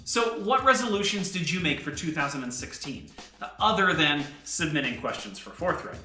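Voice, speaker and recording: A man hosting a comedic devotional vlog in a playful, self-mocking yet earnest way. His voice is bright and fairly high, with pitch that leaps around. The sound carries an echoey room. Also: very animated, normal speed, soft background music. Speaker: host.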